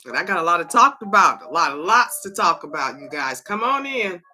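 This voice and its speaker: A woman hosting a casual livestream. Her voice is hoarse and cracking. She eagerly calls viewers to join in and talks haltingly, with many fillers. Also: low-pitched, animated, bright, forceful tone. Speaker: livestream host.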